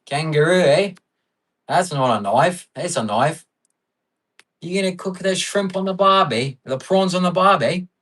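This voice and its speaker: A man putting on a loud, high cartoonish Aussie bloke. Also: lively intonation, measured pace, far from the mic, exaggerated voice. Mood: rowdy. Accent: put-on Australian. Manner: loud exaggerated caricature. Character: boisterous stereotyped Australian bloke.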